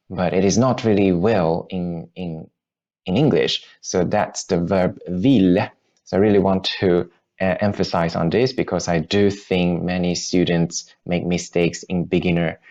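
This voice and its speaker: Slow-talking guy teaching grammar, goes over each example twice, kinda muffled audio. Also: sits low, darkish tone. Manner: patient, explains with repeated examples. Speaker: language teacher. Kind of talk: grammar lesson.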